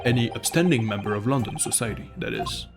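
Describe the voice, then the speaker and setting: A man's voice: lowish voice, wildly swooping pitch, quick pace, creaky, pitched below the performer's own voice, heavily acted. A man voicing a cold, haughty courtroom prosecutor, clipped and disdainful, over game music. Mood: scornful.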